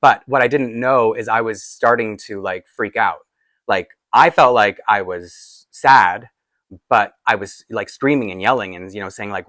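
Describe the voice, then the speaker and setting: A man in his forties tells a personal story at a casual, halting pace, full of fillers and restarts. His voice sits low, and the sound is dry and close. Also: pushed and bright, no echo. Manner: rambling, halting with many fillers. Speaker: doll collector vlogger.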